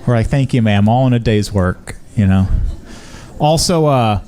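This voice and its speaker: A male comedian telling first-responder stories in a stand-up routine, dry and deadpan, slipping into quick voices. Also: on the low side.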